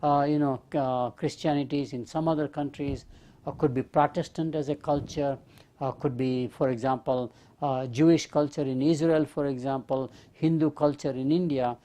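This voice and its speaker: A man giving a university lecture, explaining with everyday examples and rhetorical questions in a measured, emphatic way. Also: medium pitch, steady tone, mellow.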